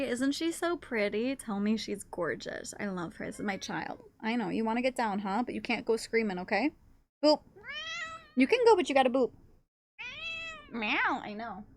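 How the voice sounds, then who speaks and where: A woman's voice: fairly high pitch, fairly bright tone. A woman streamer chatting casually on a live stream, cooing baby talk to her cats between comments.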